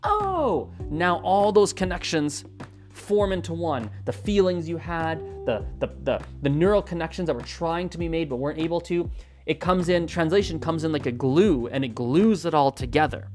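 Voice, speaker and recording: A language-learning video host explaining a study method in a casual, animated way, often acting out little learner dialogues and repeating words while thinking. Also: mid-range voice, moderate pace, soft background music.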